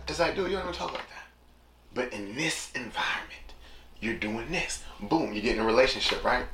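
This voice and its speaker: A male podcast host delivers a slangy, rambling monologue, acting out quotes as he goes. His mid-range voice moves at a brisk clip, and the room is echoey with constant background noise.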